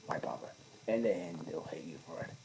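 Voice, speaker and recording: A man's voice: deep voice, expressive, fairly quick, very noisy, pitched below the performer's own voice. A man whispering as the Green Goblin. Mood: persuasive menace. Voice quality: hushed, breathy whisper. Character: sinister scheming male supervillain, hissing menace.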